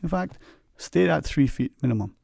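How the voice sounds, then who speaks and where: A man's voice: a little high, animated, moderate pace, gravelly, darkish tone, breathy edge, no room sound. A man hosting a radio talk show, rambling and folksy with lots of "you know", earnestly advising listeners from a studio microphone.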